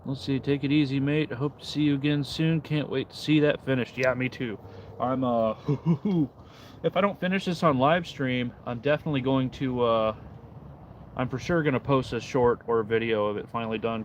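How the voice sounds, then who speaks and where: A man's voice: medium pitch, moderate pace, muffled recording, slight background noise. A man casually chatting on a livestream outdoors in the cold, reading out and answering chat messages. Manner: laid-back, reads and answers chat while carving. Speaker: livestream host.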